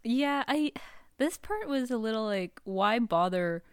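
A woman's voice: on the high side, lively intonation, measured pace, smooth, dry recording, clean studio sound. A woman co-hosting a casual podcast, reacting and commenting in a chatty way, often laughing and hedging with "like.". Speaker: podcast co-host. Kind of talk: casual chat.

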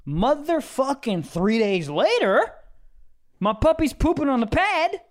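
A young man co-hosts a casual comedy podcast, telling crude stories with animated energy. His voice sits high and swings widely as he talks. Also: measured pace. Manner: crude, animated storytelling with laughter. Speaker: podcast co-host.

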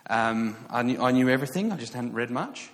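A man's voice: mid-range voice, lively intonation, brisk. An English man in his thirties tells a story from the pulpit, chatty and self-mocking, tripping over restarts and fillers. His voice carries a long reverb from a large hall. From England. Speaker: preacher. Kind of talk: sermon storytelling.

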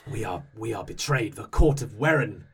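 A man voicing a proud, muscular barbarian warrior, speaking slowly and solemnly in a put-on Danish-sounding accent. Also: fairly low pitch, animated, gravelly, husky, heavily acted. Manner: slow, solemn and halting.

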